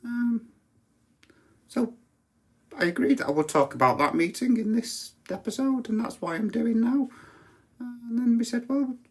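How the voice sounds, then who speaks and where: A woman hosting a podcast, telling a comic, mock-pompous story in a deadpan way from her podcast studio. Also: on the high side, a little slow, long pauses, breathy edge. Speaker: podcast host. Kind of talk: comic monologue.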